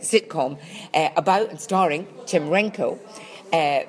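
A woman's voice: deep voice, measured pace. A woman co-hosting a comedy podcast in a dry, teasing, precise manner. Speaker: podcast co-host. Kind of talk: casual comedic chat.

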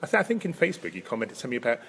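Fast-talking Highland Scottish man. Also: big pitch swings, vocal fry, fairly bright tone, slight background noise. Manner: rambling, many restarts and chuckles. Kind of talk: casual chat.

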